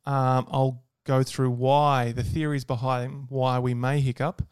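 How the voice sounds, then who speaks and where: A man's voice: mid-range voice, level tone, measured pace, clean tone, no room sound. Dry-witted man teaching on a medical podcast. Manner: dry teasing, quizzes his co-host. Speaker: podcast co-host and doctor. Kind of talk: casual podcast chat, teaching segment.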